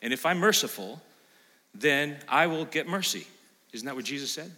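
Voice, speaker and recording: Pastor, male, very bright tone; lively sermon with asides to the congregation, long church reverb. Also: on the high side, normal speed. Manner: animated, plays out imagined listener lines, quizzes the congregation. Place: church sanctuary.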